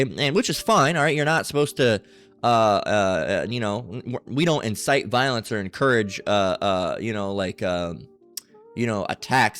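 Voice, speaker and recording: A man's voice: mid-range voice, a bit bright. A man giving a rambling religious commentary monologue in a mocking tone, often checking in with "all right?".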